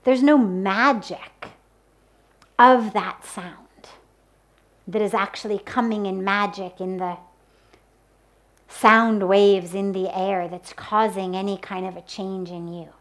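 A woman giving a spiritual talk on the power of sound, speaking deliberately and using everyday examples. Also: mid-range voice, steady tone. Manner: slow, deliberate, with spoken examples. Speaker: spiritual teacher. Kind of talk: spoken talk on mantras.

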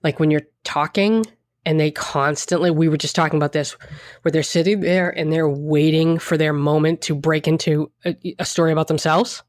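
Speaking at normal speed in a deep, steady voice, a woman co-hosts an easygoing chat, frank and forceful with occasional cursing. She wanders and restarts her sentences a lot, and the sound is dry and studio-clean.

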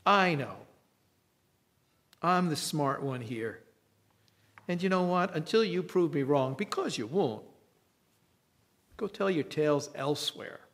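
A man's voice: fairly high pitch, expressive, slow pace, pauses often, a bit bright, exaggerated voice. A man voicing a smug, cynical male skeptic with a dismissive, scoffing manner.

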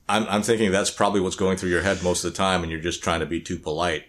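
A man's voice: deep voice, level tone, fast, fairly bright tone. A middle-aged man co-hosting a podcast in casual chat, often repeating words and restarting phrases while he thinks. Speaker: podcast co-host.

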